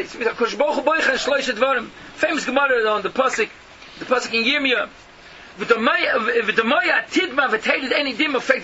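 High-pitched man, emphatic yeshiva lecture, rhetorical questions, muffled lo-fi noisy recording. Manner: emphatic, rhetorical questioning, mixes Yiddish and Hebrew terms. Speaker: rabbi giving a Torah talk. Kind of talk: Yiddish-inflected yeshiva lecture. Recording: muffled lo-fi recording with noticeable background noise.

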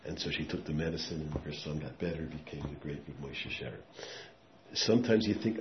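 Low-voiced guy preaching, tells stories quiet then loud, yiddish and hebrew words thrown in, echoey muffled room. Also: moderate pace. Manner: swings from hushed storytelling to loud emphatic bursts, with Yiddish and Hebrew words. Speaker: rabbi giving a talk. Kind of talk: sermon with storytelling. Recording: echoey room, muffled sound, faint background noise.

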